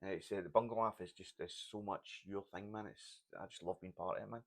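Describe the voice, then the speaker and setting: Scottish male comic host, rapid casual chatter, laughs a lot. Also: sits low, steady tone. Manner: chatty, laughs often, tags lines with "man". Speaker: comedy podcast host. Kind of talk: casual chat.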